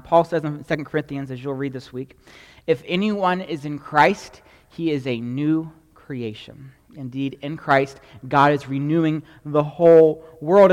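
Man, pastor, sermon, conversational preaching, long echoing hall reverb. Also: fairly high pitch. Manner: conversational preaching with frequent "right?" asides.

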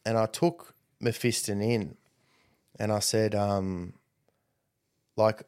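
A man casually recounting a story, rambling and animated when quoting others. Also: on the low side, takes it slowly, long pauses, clean tone.

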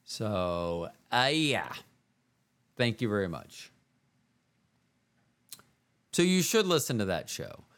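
A man hosts his own show solo and talks casually in a loose, rambling way. His pitch swings widely as he jokes at his own expense. He drifts from one aside to another. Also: very animated, takes it slowly, pauses often, a bit bright, clean tone. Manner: rambling, self-mocking, jumps between voices. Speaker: podcast host. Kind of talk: casual solo podcast monologue.

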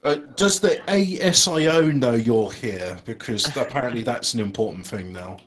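A man in a crude casual chat who delivers mock-serious jokes in a deadpan way. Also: mid-range voice, normal speed, slightly rough.

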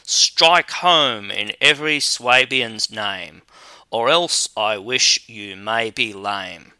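A male reader voicing a rash braggart who shouts rhyming battle cries from the back of the line. The delivery is slow and deliberate, with a bright, dry tone. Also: lowish voice, smooth, no echo, heavily acted. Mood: boastful. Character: boastful rash Swabian man.

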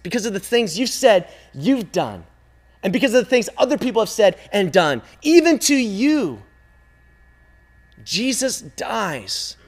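A man preaching a sermon to a youth group, emphatic and repetitive, with dramatic pauses. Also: high voice. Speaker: youth pastor.

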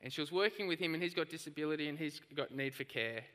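Bright-voiced preacher in a church hall. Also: male voice, on the high side, quick pace. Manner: animated storytelling preacher. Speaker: pastor. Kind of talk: sermon.

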